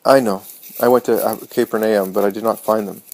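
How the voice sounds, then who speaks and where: A man's voice: lowish voice, steady tone, brisk, darkish tone, dry recording, natural voice, low-quality recording. A man voicing an evasive, scheming young male disciple who answers hesitantly, in an audiobook reading.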